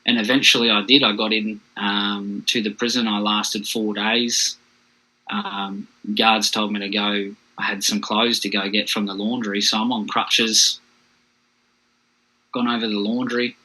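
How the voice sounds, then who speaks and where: A man's voice: on the low side, flat delivery, a little slow, sharp tone, slightly rough, rough recording. An Australian man, a podcast guest, telling his own hard story in a frank, plain-spoken way. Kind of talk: candid personal storytelling.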